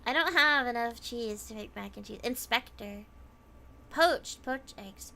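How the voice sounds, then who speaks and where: Woman, game streamer, bright and forceful tone, slightly high voice, casual chat with viewers. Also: moderate pace, gravelly, a little hiss or hum. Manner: chatty, reads viewer comments aloud and answers them. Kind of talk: casual chat while gaming.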